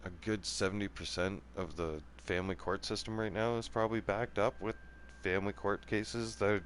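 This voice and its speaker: A man's voice: fairly low pitch, steady tone, moderate pace, a little hiss or hum. A man hosting a gaming channel, delivering a heated, profane monologue, angry and defiant, checking in with "right?" and "okay?" over and over. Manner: profane, repetitive, keeps asking "right?" and "okay?"; angry and defiant, voice rising and falling.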